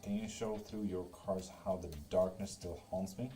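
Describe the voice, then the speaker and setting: Deep and warm, this man's voice stays steady at a moderate pace, with faint music in the background. He does live tarot readings on a casual stream, reading out viewer comments, joking around, teasing people and cursing freely.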